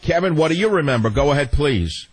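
A man's voice: on the high side, lively intonation, fast, husky, no room sound. Sardonic older male radio host. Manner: blunt, sardonic, laughs often. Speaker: radio talk show host. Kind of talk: call-in talk radio.

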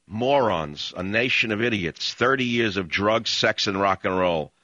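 A man's voice: fairly low pitch, lively intonation, measured pace, sharp tone, no room sound. A man hosting a talk radio show, ranting and sarcastic as he cuts in on callers. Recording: dull lo-fi broadcast audio.

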